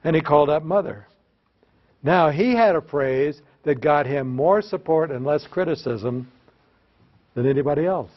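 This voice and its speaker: A man's voice: a little high, normal speed. A man presenting a workshop to teachers, telling joking, self-mocking classroom anecdotes and leading the audience in repeating phrases. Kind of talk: storytelling lecture with audience call-and-response. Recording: slightly dull lo-fi recording.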